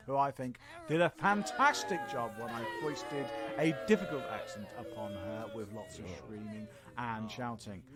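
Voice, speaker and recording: A man hosting and narrating a comedy history podcast in a playful, jokey, theatrical way. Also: medium pitch. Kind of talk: comic narration and credits.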